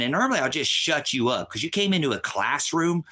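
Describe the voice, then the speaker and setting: Fiery male livestream host with bright voice. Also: fairly high pitch, big pitch swings, fairly quick. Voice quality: combative, insulting, repeats himself, stumbles when angry. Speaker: livestream host teaching homesteading. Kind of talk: heated livestream rant at a chat viewer.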